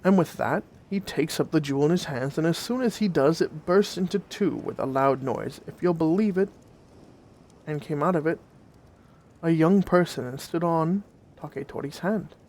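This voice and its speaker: A man narrating old folk tales in a gentle, old-fashioned fireside storytelling manner. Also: a little high, moderate pace.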